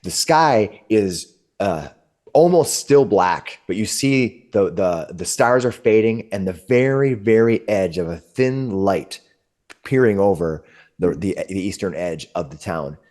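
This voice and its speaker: A man's voice: lowish voice, expressive, measured pace, darkish tone. A man narrating as game master, describing scenes in a meandering, searching way. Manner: descriptive and meandering, with frequent restarts.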